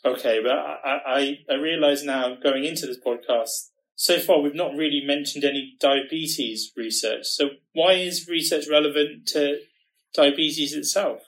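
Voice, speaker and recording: A man co-hosting a podcast, talking in a halting way that repeats words as he gathers his thoughts. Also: on the high side, steady tone, fairly bright tone, low-quality recording. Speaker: podcast co-host working in research. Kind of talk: podcast conversation.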